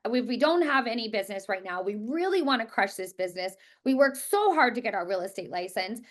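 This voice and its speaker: Fast, emphatic woman trainer. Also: fairly high pitch. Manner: energetic, emphatic, repeats words for stress; talks quickly. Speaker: real estate trainer. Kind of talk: live class presentation.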